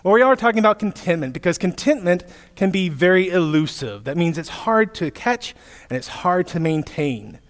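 A man in his thirties, a pastor giving a sermon, telling stories with lively asides to his listeners. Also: high-pitched, moderate pace. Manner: storytelling with animated asides to listeners. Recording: echoey hall, long reverb.

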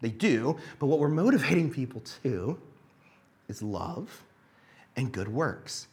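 A young man preaching a sermon, telling stories in a casual, animated way with plenty of fillers. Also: medium pitch, measured pace. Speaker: pastor.

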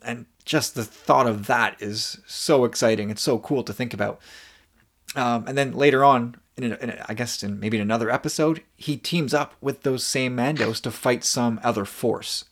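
A man's voice: medium pitch, moderate pace, fairly bright tone. A man co-hosting a casual podcast chat, thoughtful and musing, with frequent restarts. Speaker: podcast co-host.

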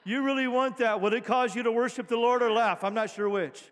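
A middle-aged male pastor preaching a rousing sermon, calling for amens and shouting at high points, with light jokes to the congregation. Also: fairly even intonation, a little fast, smooth. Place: church sanctuary. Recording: long reverb of a church hall.

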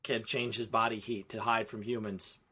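A man co-hosting a casual film podcast, talking in a rambling, animated way and often breaking off and restarting mid-sentence. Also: lowish voice, moderate pace, breathy edge. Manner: rambling, animated, self-interrupting. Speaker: podcast co-host.

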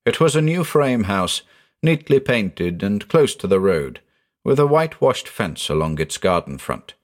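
Male narrator, deep voice, lively intonation, measured ghost-story reading. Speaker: audiobook narrator and channel host.

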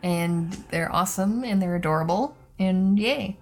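A woman co-hosting a casual podcast, talking hesitantly with many pauses and ums. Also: lowish voice, darkish tone, soft background music. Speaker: podcast co-host.

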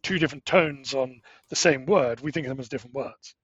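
Animated man explaining, husky voice. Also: medium pitch, no echo, lo-fi sound. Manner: animated, explains with quick asides and self-corrections. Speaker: guest, language-learning startup co-founder. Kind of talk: casual explanatory interview talk.

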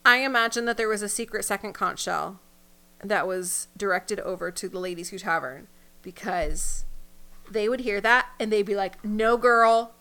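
Bright-voiced woman podcaster. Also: medium pitch, moderate pace, clean tone. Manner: animated, acts out characters. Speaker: podcast co-host. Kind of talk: casual chat.

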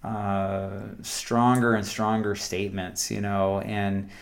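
A man with a fairly low voice co-hosts a relaxed Bible study conversation. He speaks calmly and thoughtfully, with frequent soft murmurs of agreement. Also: slow pace. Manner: calm, reflective, frequent affirming murmurs. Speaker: co-host of a Bible study show. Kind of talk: casual Bible study discussion.

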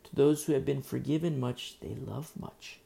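A man's voice: mid-range voice, normal speed, creaky, dark tone. A man preaching a sermon as pastor, emphatic and repetitive, often restarting his sentences.

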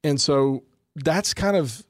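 A man's voice: fairly high pitch, slow, no echo, studio quality. A man in his forties, earnest and reflective, talking about faith in a conversation and often repeating words as he starts.

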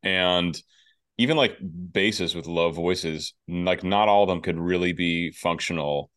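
A male host and opera bass singer, talking eagerly in a relaxed interview. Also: unhurried. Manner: enthusiastic, talkative, many restarts. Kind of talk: casual interview chat.

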